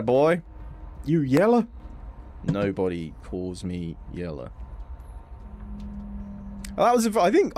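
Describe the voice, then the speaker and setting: Young guy chatting on stream, swears a lot, super bouncy voice. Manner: chatty, swears casually, animated jumps in pitch. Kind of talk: casual gaming stream chat.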